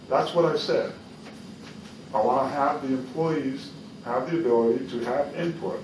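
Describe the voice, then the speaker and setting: Role: union negotiator. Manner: argumentative, halting. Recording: far from the mic, roomy, noisy. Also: male voice, medium pitch. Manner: argumentative, halting with many fillers. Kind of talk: contract bargaining session. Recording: distant, roomy, noisy meeting-room recording.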